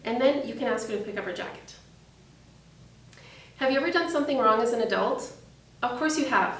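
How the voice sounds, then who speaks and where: A fairly high-voiced woman hosts a parenting tips talk. She sounds friendly and encouraging and keeps asking the listener questions. Her voice echoes around the room and sits a little back from the mic. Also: a bit bright, distant mic. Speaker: parenting program host. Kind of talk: scripted parenting tip talk.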